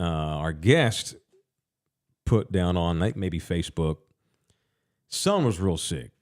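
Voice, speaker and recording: A man hosting a casual podcast, talking in a loose, rambling way with fillers. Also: low voice. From San Antonio area. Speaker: podcast host. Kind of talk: casual sports podcast chat.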